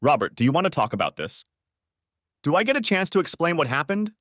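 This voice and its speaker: A man's voice: a little high, big pitch swings, fast, a bit bright, dry recording, studio quality, voice pushed up. A man voicing a distraught adult wife who pleads and defends herself, in a story reading. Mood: tearful.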